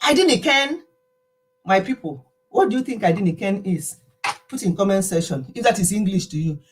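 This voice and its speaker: A woman's voice: medium pitch, animated, a little fast, mellow. A middle-aged Nigerian woman chatting casually with her livestream viewers, laughing often as she tells stories. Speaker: livestream host.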